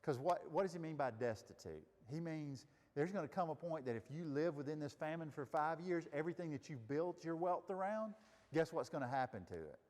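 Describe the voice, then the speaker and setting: A man's voice: a little high, lively intonation, a little fast, a little mellow, long reverb tail. A man leading a Bible study, teaching casually and asking the group questions. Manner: conversational, asks the group questions. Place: room with a group of listeners.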